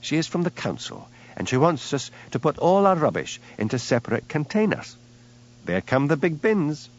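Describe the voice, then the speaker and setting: A man playing a lazy, easygoing village policeman with a Scottish Highland accent, mild and unhurried. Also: very animated, muffled recording. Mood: dry.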